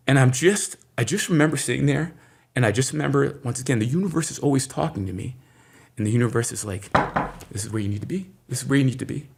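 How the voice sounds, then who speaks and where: A man's voice: mid-range voice, gravelly, slightly rough. Middle-aged man telling a story. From Maine, USA. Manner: animated storyteller who acts out quoted voices. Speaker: interview guest. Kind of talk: storytelling in conversation.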